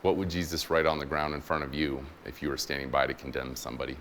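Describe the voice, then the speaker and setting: A man's voice: rumbling low, level tone, fast, fairly bright tone. A man in his forties, a military chaplain, giving a conversational, humorous sermon to a church congregation and acting out the people in his stories. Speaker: guest preacher, military chaplain.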